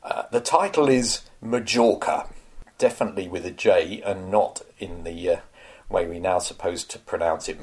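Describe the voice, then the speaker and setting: A man's voice: low voice, normal speed, a little mellow, slightly rough. A man from England chatting with fillers and reading comic verse aloud with a rhythmic swing. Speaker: conversation partner running a poetry quiz. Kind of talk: casual chat with poetry readings.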